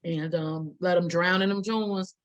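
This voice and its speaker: This podcast co-host, a woman in her thirties, speaks in a lowish voice, a touch slow, through a muffled recording. She eats while she talks, keeping the chat casual and animated with frequent laughter.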